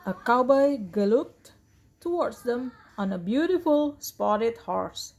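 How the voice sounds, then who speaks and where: A woman's voice: a little high, slow pace. A woman reading a picture book aloud, voicing the characters with lots of expression. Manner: animated read-aloud with voiced dialogue. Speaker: storybook reader.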